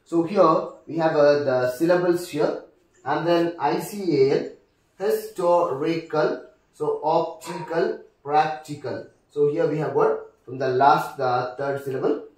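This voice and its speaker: A man with an Indian English accent teaching a lesson on word stress, speaking deliberately and repeating each example word. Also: fairly high pitch. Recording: echoey room, distant mic.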